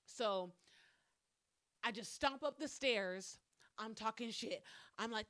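A woman with a bright, sharp-edged voice tells a story from her past to her viewers. She chats casually and swears freely. Now and then she bursts into loud exclamations. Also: fairly high pitch, animated, slow, no echo, studio quality. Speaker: vlogger.

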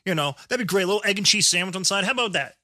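A man's voice: high-pitched, expressive, very fast, bright, forceful tone, no echo, clean studio sound. A man putting on a mock Canadian accent, playing an overly friendly man ordering coffee and donuts. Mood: chummy. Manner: folksy, chummy, says "bud" and "eh".

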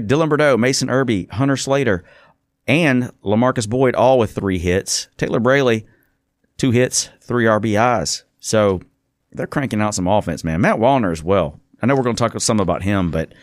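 A man's voice: medium pitch, dry recording. A man who is a guest in a radio studio, talking sports casually and reading off stats, sometimes correcting himself mid-list.

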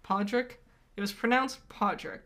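A woman's voice: medium pitch, animated, moderate pace. Giggly woman co-hosting a podcast. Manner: giggly, chatty, laughs often. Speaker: podcast co-host. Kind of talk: casual chat.

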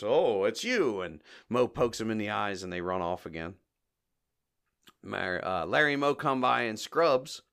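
Guy with a low gravelly voice chatting through a plot recap, laughs a lot. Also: fairly bright tone. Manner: chatty, acts out quoted lines, laughs often. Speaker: podcast host reviewing comedy shorts. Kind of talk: casual recap commentary.

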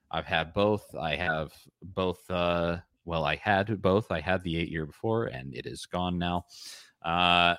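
A man with a lowish voice hosts a casual sports podcast, his pitch swooping up and down as he gets worked up. The sound is dry and close, with no room around him. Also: no room sound. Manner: excitable, shouts and laughs when worked up. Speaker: podcast host.

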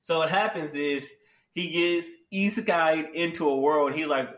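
A man's voice: a little high, steady tone, moderate pace, a bit bright. A man casually recapping an anime plot in a rambling, slangy way full of filler words. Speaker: anime reviewer. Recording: echoey room, distant mic.

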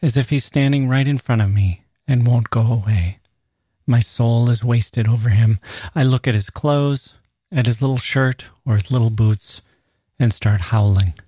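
A man's voice: medium pitch, normal speed, mellow, husky, no room sound, clean studio sound, natural voice. A man reading aloud as a grieving peasant mother, in a plain, slightly raised delivery. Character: grieving peasant mother, middle-aged woman.

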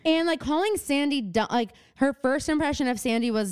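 A woman co-hosting a podcast in casual chat, animated and profane, breaking into mocking impressions. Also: high-pitched, a little fast, dry recording, studio quality. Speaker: podcast co-host.

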